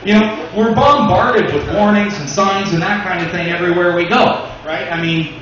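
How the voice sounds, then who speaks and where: A man's voice: high-pitched, normal speed, fairly bright tone, heavy reverb, recorded from a distance, highs cut off, a little hiss or hum. A man doing a stand-up comedy routine, saying "you know" often, recorded from afar in a small club. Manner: says "you know" a lot.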